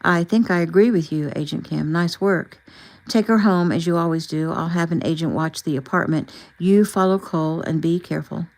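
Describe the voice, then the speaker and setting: A woman narrator voicing a brisk, kindly, fatherly male police chief. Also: fairly high pitch, steady tone, vocal fry, poor audio.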